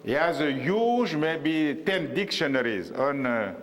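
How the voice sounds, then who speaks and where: Male lecturer, slightly high voice, hall reverb with faint noise. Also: big pitch swings, fairly bright tone. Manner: halting, repetitive, with many pauses and rhetorical questions.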